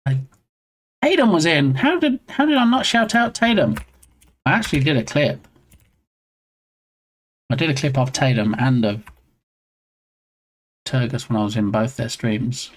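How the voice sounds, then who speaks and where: Man, live-stream host, casual chat, playful, laughs often, medium pitch, talks to chat while scrolling. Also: animated, unhurried, pauses often. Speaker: game dev livestream host.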